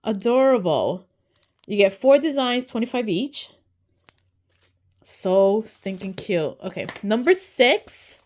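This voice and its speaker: A woman hosting an unboxing video, gushing and excited, sometimes dropping to a soft whisper as she opens items. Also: medium pitch, slow, pauses often. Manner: gushing, excitable, often says "so stinking cute". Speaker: unboxing channel host. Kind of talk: casual unboxing narration.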